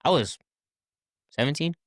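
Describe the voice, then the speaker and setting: A man's voice: fairly high pitch, animated, a little slow, no room sound, clean studio sound. A man in his twenties, a podcast guest, telling a casual story and acting out the people in it with many fillers and restarts.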